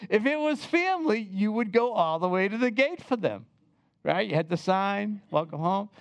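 An older man telling a personal travel story in a lively, chatty way, often turning to the listeners to share a memory. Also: high voice, moderate pace, no room sound. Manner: animated, chatty, asks the listeners to remember with him.

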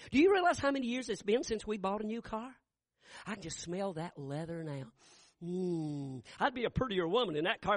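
An older man preaching a folksy sermon, acting out dialogue and rising to shouts. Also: sits high, very animated, fairly quick, no room sound. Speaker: Baptist preacher. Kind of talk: sermon storytelling with acted dialogue.

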